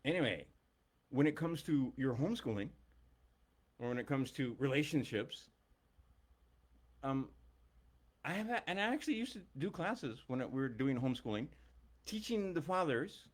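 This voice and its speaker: A man's voice: a little high, lively intonation, normal speed, pauses often. A middle-aged man and longtime teacher giving a blunt, emphatic, profane ranting monologue.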